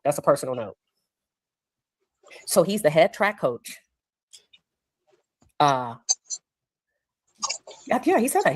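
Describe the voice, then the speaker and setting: A courtroom reporter recaps testimony, raising her voice to act out the witnesses' words. She has a low-pitched voice, recorded dry.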